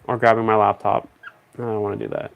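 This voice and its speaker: A man chatting casually on a stream, rambling and thinking out loud in a relaxed way. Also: on the low side, quick pace, vocal fry, phone-quality sound. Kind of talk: casual chat.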